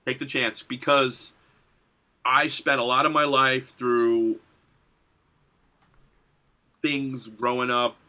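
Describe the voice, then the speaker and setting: A man's voice: mid-range voice, takes it slowly, pauses often. A middle-aged man talking eagerly and animatedly as a guest in a casual interview about his film and design work. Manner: enthusiastic and animated, laughs easily. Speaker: guest, filmmaker and graphic designer.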